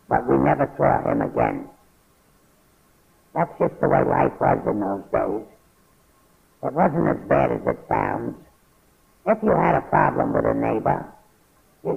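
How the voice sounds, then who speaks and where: A man's voice: mid-range voice, gravelly. An older man from New York telling a blunt, profane story from his past in a casual, matter-of-fact way. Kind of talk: casual spoken memoir. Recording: phone-like narrow band.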